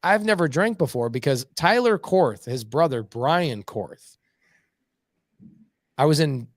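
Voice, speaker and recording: A middle-aged man telling blunt, animated stories as a podcast guest. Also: mid-range voice, no room sound, clean studio sound. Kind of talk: casual podcast conversation.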